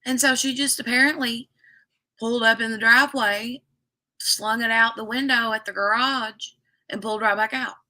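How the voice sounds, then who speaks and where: A woman's voice: fairly high pitch, fairly even intonation, moderate pace, pushed and bright. A woman hosting a casual craft livestream, chatting in a rambling, storytelling way and reading viewer comments aloud.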